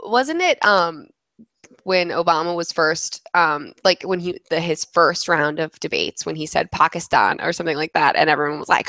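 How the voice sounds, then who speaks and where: A woman's voice: low-pitched, moderate pace, no echo. Young woman, podcast co-host, casual and sarcastic, dry close sound. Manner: sarcastic, animated, laughs often. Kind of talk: casual chat.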